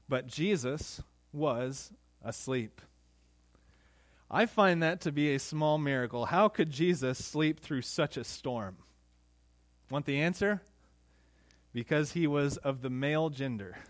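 A man's voice: medium pitch, no room sound. A young adult man preaching a sermon in a conversational way, with joking asides and acted-out pleas from the disciples. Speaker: pastor.

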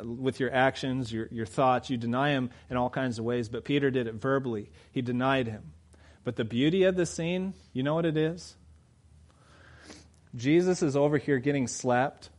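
A man's voice: mid-range voice, moderate pace. Fervent male preacher. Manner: building from quiet reflection to loud, fervent emphasis. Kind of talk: sermon.

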